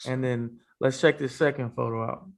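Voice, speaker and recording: A man hosting a casual sports interview podcast, talking in a relaxed, loose way with many fillers. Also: medium pitch, normal speed, creaky. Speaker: podcast host.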